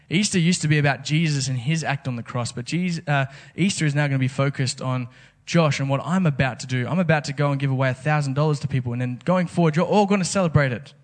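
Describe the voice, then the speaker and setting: A man's voice: on the high side, fast talker, few pauses. A man preaching a casual, conversational sermon, full of rhetorical questions. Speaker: pastor.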